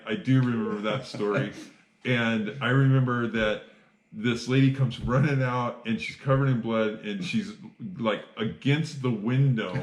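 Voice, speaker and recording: A man's voice: medium pitch, echoey room. A man interviewing an old firefighter colleague, friendly and affirming as he recalls shared memories. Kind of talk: casual interview.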